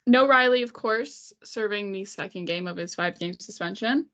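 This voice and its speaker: A woman co-hosting a casual hockey podcast, talking quickly and rambling with fillers and laughs. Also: mid-range voice, a bit bright. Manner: fast, giggly, rambling with fillers. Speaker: podcast co-host. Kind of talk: casual chat.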